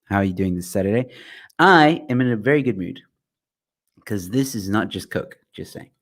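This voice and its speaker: Guy with a deep voice, chill jokey livestream host, rambling, clean mic. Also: lively intonation, moderate pace, fairly bright tone. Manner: jokey, rambling, plugs his channel. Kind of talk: casual livestream chat. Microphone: good quality microphone.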